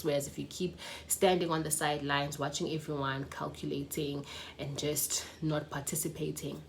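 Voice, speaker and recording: Young south african woman vlogging at home, lowish voice, chatty, faint hiss behind. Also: a little mellow. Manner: chatty, laughs often, mixes in Zulu words. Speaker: personal finance vlogger. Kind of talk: casual vlog talk to camera. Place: her mother's house.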